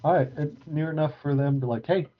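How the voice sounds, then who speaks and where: A woman's voice: sits low, steady tone, brisk. A woman playing in an online tabletop game, describing her moves hesitantly with many fillers. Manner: hesitant, full of uh and like. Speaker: player. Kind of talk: casual tabletop game play. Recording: lo-fi online call audio.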